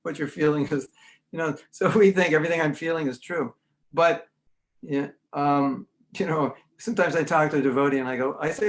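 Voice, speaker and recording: A man's voice: a little high, brisk. An American man giving an informal spiritual lecture over a video call, talking in a conversational way and acting out other people's voices. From United States. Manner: conversational, lively, acts out quoted voices. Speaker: spiritual teacher giving an online class.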